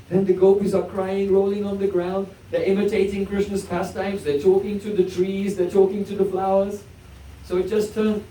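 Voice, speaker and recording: Male spiritual teacher, high mellow voice, storytelling sermon, distant roomy festival hall recording. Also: slight background noise. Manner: acts out characters' lines with gentle laughs. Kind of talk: devotional storytelling lecture.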